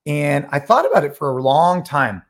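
A man's voice: on the high side, normal speed. A middle-aged man hosting a short solo podcast, talking casually and with energy, often retelling conversations. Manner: energetic, conversational, retells chats with quoted voices. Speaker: podcast host.

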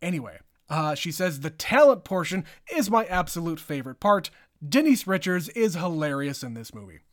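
A man with a notably high voice, co-hosting a podcast and reading out listener mail with a joking, playful drawl. His voice sounds dry and close, with no room around it. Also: big pitch swings, moderate pace, no echo. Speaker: podcast co-host. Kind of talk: casual chat, reading listener emails.

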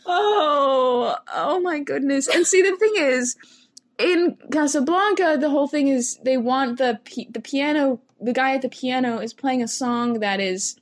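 Laughing, animated woman retelling a story. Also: high-pitched, normal speed. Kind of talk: casual chat.

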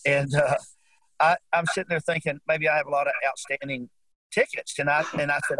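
An older man tells his story as an interview guest, earnest and often circling back to repeat a phrase. His voice sits a bit high for a man. The sound is close and dry, with no room around it. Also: little pitch movement, fairly quick, sharp tone, dry recording, rough recording. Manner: earnest, repeats himself when moved.

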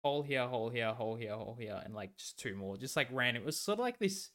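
A man's voice: mid-range voice, expressive, quick pace, a bit bright. A young man in his twenties, co-hosting a podcast and telling a story in a laid-back way, swearing freely and laughing often. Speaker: podcast co-host. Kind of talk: casual chat.

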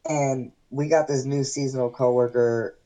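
A man's voice: medium pitch, normal speed, highs cut off. A man, a podcast guest, telling stories in a casual, rambling way, full of fillers. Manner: rambling, filler-heavy, animated retelling. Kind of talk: casual storytelling chat.

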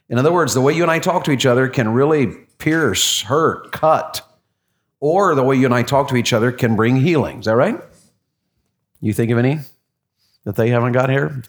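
A man's voice: mid-range voice, brisk. Folksy preacher man quizzing his class. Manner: folksy, encouraging, asks the room questions. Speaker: pastor leading a class. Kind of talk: interactive sermon.

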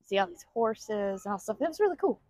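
A woman's voice: medium pitch, very animated, quick pace, a little mellow, no echo, studio quality. A woman from Pennsylvania co-hosting a casual vlog at an outdoor petting farm, playful and jokey with the animals. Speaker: vlog co-host. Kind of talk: casual chat.

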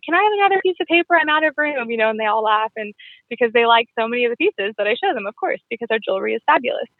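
A woman casually explaining her jewelry party sales routine in a playful, upbeat way, with self-corrections and quick laughs. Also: a little high, no room sound. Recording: tinny phone-line audio.

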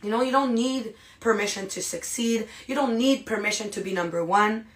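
A woman hosting a podcast, giving an energetic, casual motivational talk and often checking in with "right?" and "you guys". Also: on the high side, a little fast, few pauses. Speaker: podcast host. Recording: echoey room.

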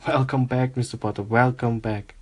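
An emotional old barman from a storybook, exclaiming in awe, as a man reading aloud puts him on. Middle-pitched and unhurried. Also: steady tone, natural voice. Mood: awed.

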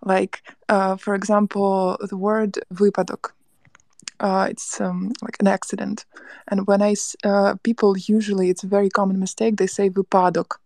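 A woman's voice: medium pitch, level tone, moderate pace, darkish tone, dry recording. A woman from central Ukraine, a Russian speaker, talking casually in an online discussion with thoughtful, laughing asides. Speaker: panel guest.

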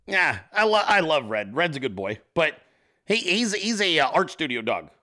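A middle-aged man hosting his own show, rambling casually with constant swearing and animated asides. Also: a little high, a little slow. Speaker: show host. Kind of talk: casual profane livestream chat.

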